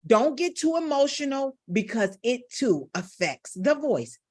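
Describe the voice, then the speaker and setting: A woman's voice: sits high, big pitch swings, a little slow, hardly any pauses, darkish tone. A middle-aged woman vocal coach, teaching with emotion and repeating phrases for emphasis. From Gary, Indiana, USA.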